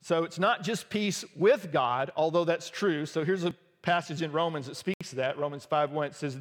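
Conversational pastor in a reverberant hall. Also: male voice, fairly high pitch, fairly bright tone. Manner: conversational, humorous preaching with quick asides. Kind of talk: sermon.

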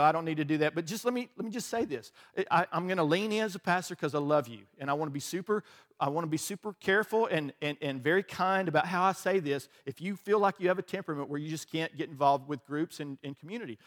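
A man's voice: sits high, a bit bright. A man, a pastor preaching a conversational, joking sermon and often asking his listeners "right?".

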